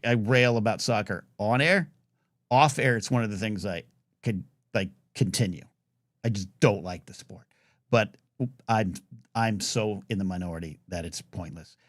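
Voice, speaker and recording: A man's voice: mid-range voice, no echo, studio quality. An American man hosting a live call-in talk show, rambling and joking with many stammered restarts.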